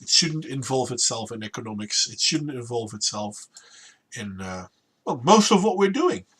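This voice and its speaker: A man with a Dutch accent hosting a stream, debating politics in a measured, deliberate way. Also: medium pitch, very animated, fairly bright tone, husky. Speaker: stream host.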